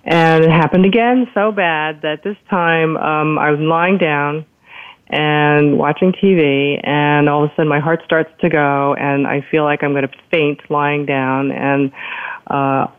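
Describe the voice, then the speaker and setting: A woman telling a personal story in a casual, lively way, acting out the people she quotes. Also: low voice, a little slow, smooth, dry recording. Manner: lively retelling, acts out quoted doctors. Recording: tinny phone-line sound.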